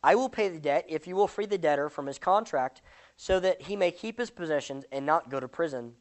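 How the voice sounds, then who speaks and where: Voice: medium pitch, animated, brisk, lightly acted. A speaker reading a parable aloud and voicing a kind male friend who steps in to pay the debt. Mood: calm. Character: calm kind male mediator offering to pay.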